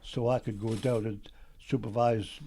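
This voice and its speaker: An older man with a Geordie accent, a guest on an interview show, telling his story in a lively way and acting out old conversations. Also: fairly low pitch, unhurried, creaky, a little hiss or hum. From Newcastle, England.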